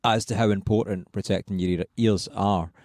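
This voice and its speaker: A man's voice: lowish voice, brisk, no room sound, clean studio sound. A Scottish man co-hosting a podcast, chatting casually and telling stories with frequent laughs. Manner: lively storyteller, laughs often, swears casually. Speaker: podcast co-host. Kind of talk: casual chat.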